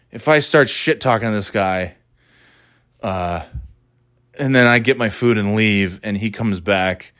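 A man's voice: mid-range voice, fairly bright tone, dry recording, studio quality. A man delivering an exasperated, profane, sarcastic ranting monologue.

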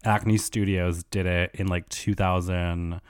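Man, podcast host, lowish voice, rambling gossip, casual, swears a lot, dry close sound. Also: flat delivery, takes it slowly, clear, resonant tone, dry recording. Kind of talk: casual solo gossip monologue.

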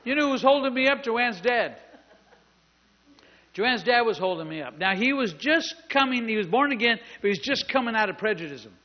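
High-voiced man preaching, animated. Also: a little fast, lo-fi sound. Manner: animated, acts out dialogue, jokes with the congregation. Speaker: pastor. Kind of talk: storytelling sermon. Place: church service with live congregation.

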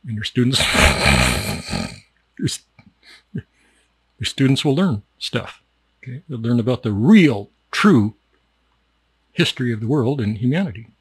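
Husky rambling man, dry and close. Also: medium pitch, sing-song, takes it slowly, pauses often, no echo. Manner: rambling, jokey, often laughing at his own jokes. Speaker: comedic video host. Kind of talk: mock-educational comedic monologue.

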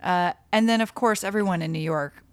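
A woman in her forties from North Carolina talks casually as an interview guest, her voice low and close with no room sound. She rambles and corrects herself, laughing easily. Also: a little fast, no room sound. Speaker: guest writer.

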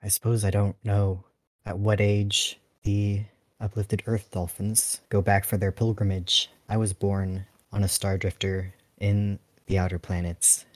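A man's voice: lowish voice, little pitch movement, measured pace, no room sound, close to an everyday voice. A man voicing an adult male uplifted dolphin pilot in a tabletop role-play, speaking formally and calling the listener "child". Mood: formal, gentle. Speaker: player.

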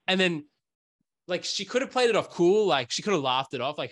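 A man hosts a relaxed chat and rambles through his stories, leaning on "like" and "um". His voice sits at an ordinary pitch for a man. The sound is close and dry, with no room around it. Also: fairly quick, dry recording. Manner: rambling storyteller, lots of fillers. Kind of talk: casual chat.

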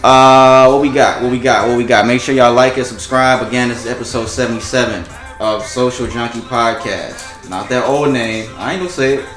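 A man's voice: medium pitch, fairly even intonation, fairly quick, a bit bright, echoey room, faint music behind. Loose, profane young male podcast host. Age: 20s. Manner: loose, profane, joking banter. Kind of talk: casual podcast chat.

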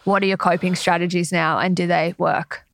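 A woman hosting an interview, asking gentle, empathetic questions and reflecting on what she hears. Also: lowish voice, level tone, moderate pace, gravelly, no room sound. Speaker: podcast host. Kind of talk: conversational interviewing.

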